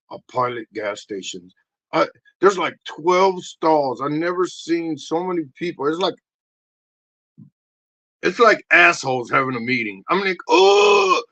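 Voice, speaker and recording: A man hosting a livestream, rambling through a crude comic rant, acting out little voices and bursting into shouts. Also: a little high, creaky, poor audio. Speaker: livestream host.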